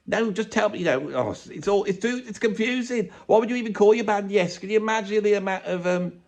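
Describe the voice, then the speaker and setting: A man talks in a slightly raised voice, rambling through a comedic rant. His tone is sarcastic and self-mocking as he riffs to camera. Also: high voice. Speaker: YouTube commentator. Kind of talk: comedic ranting commentary.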